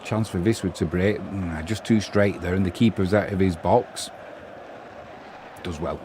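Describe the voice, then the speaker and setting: A man with a deep voice and measured pace commentates a football match live and solo, against background noise. He mixes play-by-play with opinionated, chatty asides and answers to viewers as he reads their chat.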